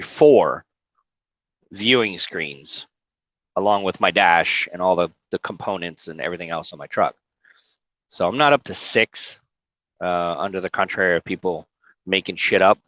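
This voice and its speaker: Behind the wheel of his truck, a man livestreams casual, rambling talk peppered with swearing and shout-outs to viewers by name. Captured by a phone in the cab, his low-pitched, fairly bright voice has no echo and a lo-fi quality.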